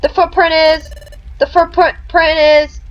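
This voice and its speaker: A woman's voice: very high voice, level tone, lo-fi sound. A woman voicing a hesitant little mole guard who stumbles over his report. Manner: hesitant, slow.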